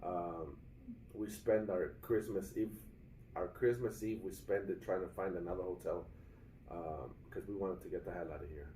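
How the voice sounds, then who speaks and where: Man, young adult, casual vlog, rambling with fillers, talks to viewers as guys, low mellow voice, hotel room. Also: steady tone, moderate pace, reverberant, recorded from a distance, a little hiss or hum, poor audio. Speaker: vlogger.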